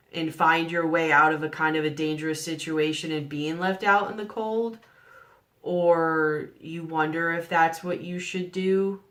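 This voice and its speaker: A woman's voice: on the low side, a bit bright. A woman giving a general tarot reading to camera, earnest and coaxing, asking the listener one rhetorical question after another. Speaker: tarot reader.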